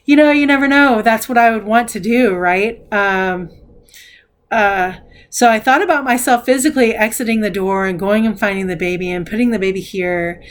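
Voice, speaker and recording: A middle-aged woman talks through a tarot reading in a loose, rambling way. She is candid and swears casually, with plenty of fillers. Her voice sits at an ordinary middle pitch. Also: normal speed. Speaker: tarot reader. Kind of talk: casual spoken tarot reflection.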